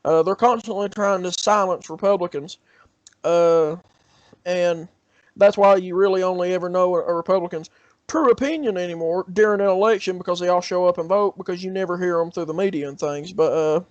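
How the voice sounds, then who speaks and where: High-voiced hesitant man, lo-fi. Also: steady tone, a little fast, no room sound. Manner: rambling, laughing, hesitant. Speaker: podcast co-host. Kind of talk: casual political chat. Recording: dry, dull lo-fi sound.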